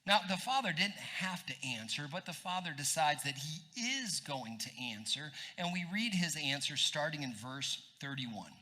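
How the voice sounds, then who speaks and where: A pastor preaches in church with a high, lively male voice. His tone is very bright and cutting, and he talks conversationally, throwing quick asides to the congregation. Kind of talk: sermon.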